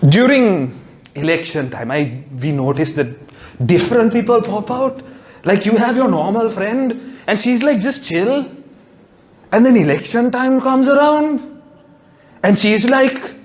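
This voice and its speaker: Animated Sri male comedian. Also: high voice, unhurried, slight background noise. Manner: animated, sardonic, swears freely. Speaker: stand-up comedian. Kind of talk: stand-up comedy set. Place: comedy stage before a live audience.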